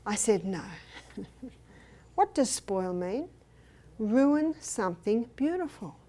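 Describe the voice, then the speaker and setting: A woman's voice: fairly high pitch, sing-song, takes it slowly, dark tone. Older woman giving a seminar talk. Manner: storytelling, acts out quoted speech. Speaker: health seminar speaker. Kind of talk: seminar talk with personal anecdotes. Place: hotel meeting room.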